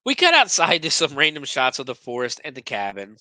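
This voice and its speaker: A man's voice: on the high side, wildly swooping pitch, a little fast, sharp tone, dry recording. A man hosting a podcast, recapping a movie scene by scene in a casual, profane, sarcastic way, often stumbling over his words.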